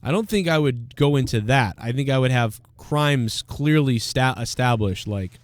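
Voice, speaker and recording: A man hosting a live question-and-answer stream, talking casually in a middle-pitched voice. He rambles and thinks aloud, leaning constantly on fillers. The recording is dry and close, with no room sound. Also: animated, moderate pace, no room sound. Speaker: livestream show host.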